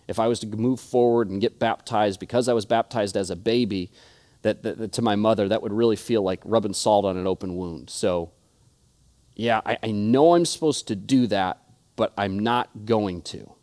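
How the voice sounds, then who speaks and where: A man's voice: fairly low pitch, darkish tone. A young adult man preaching a sermon, telling stories earnestly and often restarting his words. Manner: earnest storytelling with repeated restarts. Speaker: pastor.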